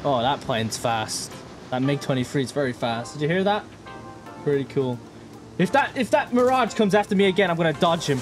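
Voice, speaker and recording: A young man livestreams a combat flight game in a high, bouncy voice that leaps around in pitch. He jokes with viewers and moves quickly from mock calm to frantic yelling. Faint game music runs softly behind him. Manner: animated, jokey, quick swings between mock calm and yelling. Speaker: gaming streamer. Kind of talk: live gameplay commentary.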